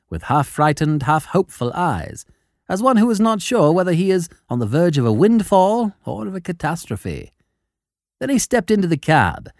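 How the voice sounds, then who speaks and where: A man reading a classic story aloud as a narrator, with expressive storytelling. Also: fairly high pitch, no room sound, studio quality. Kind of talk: scripted narration.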